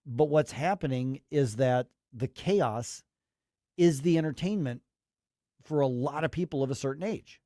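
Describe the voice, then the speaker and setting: Mellow-voiced male talk radio host. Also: mid-range voice, measured pace, no echo, studio quality. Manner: emphatic, rambling opinion with acted quotes. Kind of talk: opinionated talk radio commentary.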